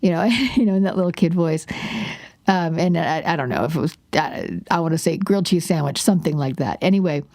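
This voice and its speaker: Woman in her forties, podcast host; chatty and self-deprecating, mellow tone, dry close sound. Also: sits low, animated, fairly quick, no room sound. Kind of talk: casual parenting podcast talk.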